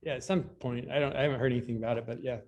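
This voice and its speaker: A man's voice: mid-range voice, steady tone, rapid-fire, a little mellow, lo-fi sound. A man who is a guest on a podcast, telling long stories in casual talk with many restarts and fillers. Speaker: guest, BMX rider. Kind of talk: casual interview storytelling.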